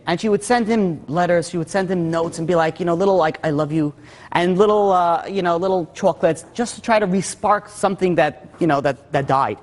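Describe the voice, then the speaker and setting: A male rabbi telling a story in a sermon, casual with lots of "like" and "you know". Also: high voice. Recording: long hall reverb.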